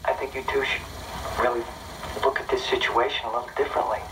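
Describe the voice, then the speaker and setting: A man's voice: medium pitch, level tone, quick pace, close to an everyday voice. An actor playing an earnest young man lecturing his parents in a TV drama. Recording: distant noisy TV clip.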